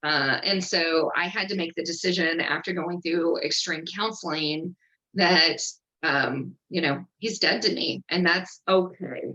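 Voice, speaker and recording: A woman hosting a workshop, speaking earnestly and openly about personal matters, with frequent pauses and ums. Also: lowish voice, pushed and bright, poor audio. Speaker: workshop host and coach. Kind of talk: candid personal sharing in a virtual workshop.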